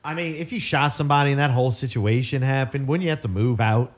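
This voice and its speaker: A man in casual chat, easygoing and quick to laugh along. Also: medium pitch.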